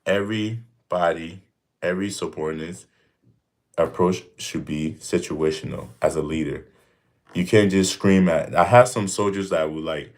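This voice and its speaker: A young man hosting a casual livestream Q and A from home, talking in a laid-back, rambling, slangy way with lots of "like" and "you know". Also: sits low. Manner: slangy and blunt. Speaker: livestream host answering questions. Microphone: desk mic.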